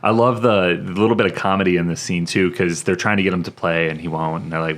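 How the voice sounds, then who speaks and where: Deep-voiced man, casual and eager. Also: fairly even intonation, fairly quick, few pauses, a bit bright. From Arkansas. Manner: enthusiastic, swears casually. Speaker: podcast co-host. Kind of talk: casual film discussion.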